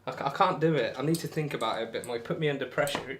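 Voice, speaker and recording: This darts livestreamer, a young man, talks fast with a medium pitch and a fairly bright tone. He rambles casually, jokes at his own expense, and reads and responds to messages from chat while throwing.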